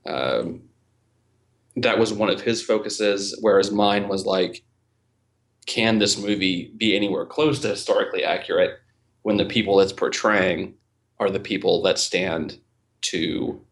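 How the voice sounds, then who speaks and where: A man with a low, unhurried voice hosts a casual podcast about film, reviewing movies. He comes across as thoughtful and hesitant, using lots of fillers.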